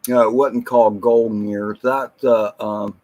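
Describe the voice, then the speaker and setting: Slow, rambling man on a livestream. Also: lowish voice, fairly even intonation, a little mellow, lo-fi sound. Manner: slow, rambling, reminiscing storyteller; greets viewers from the chat by name. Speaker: drone channel livestream host. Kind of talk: casual livestream chat with viewers.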